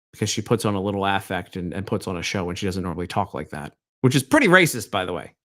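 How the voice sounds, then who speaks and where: A middle-aged man hosting a reaction commentary show, sarcastic and mocking, dropping to mutters and then bursting out loud. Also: lowish voice. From Southwest Baltimore, US.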